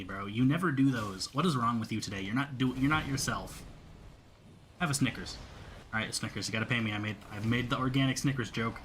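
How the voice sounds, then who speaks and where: A young man rambles over his gameplay in an everyday mid-range voice, swearing and chatting to the enemies on screen. A faint hum of room sound sits under his talk. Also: medium pitch. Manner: rambling, swears freely, talks to the enemy. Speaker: gameplay streamer. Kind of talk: casual gameplay commentary.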